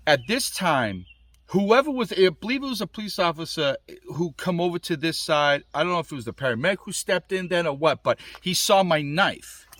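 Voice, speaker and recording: A man casually telling a personal story to camera, animated and rambling, with lots of restarts and fillers. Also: fairly high pitch, dry recording. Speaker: gear reviewer telling his accident story. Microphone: small camera mic.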